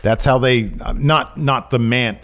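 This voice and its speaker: A man's voice: medium pitch, measured pace, fairly bright tone. A man co-hosting a casual podcast, laid-back and jokey, often chiming in with agreement. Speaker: podcast co-host. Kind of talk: casual chat.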